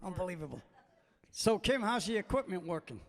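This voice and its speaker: A man's voice: sits high, very animated, gravelly, in a large hall. A man hosting a live country show outdoors, chatting and joking between songs on a stage microphone. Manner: chatty, joking, quick to laugh. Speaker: bandleader and host. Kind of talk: casual banter between songs.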